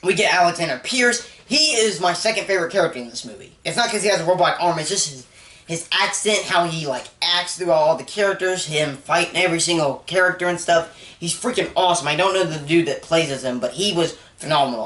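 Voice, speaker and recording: A young man giving a casual, rambling movie review, excitable and full of restarts. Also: on the high side, a little fast. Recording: roomy echo.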